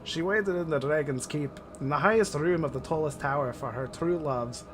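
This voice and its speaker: A man reading a fairy tale in a put-on Scottish ogre voice, slow and mock-solemn. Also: fairly high pitch, over music, close to an everyday voice. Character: storybook ogre narrator in a Scottish accent.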